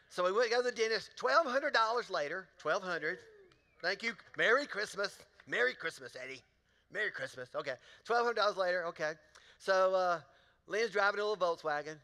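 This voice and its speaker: A man's voice: sits high, animated, a little fast, pushed and bright. A male pastor, preaching a sermon with folksy stories and questions to the congregation. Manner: folksy storytelling, talks to the crowd. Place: large church auditorium. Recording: long hall reverb in a church.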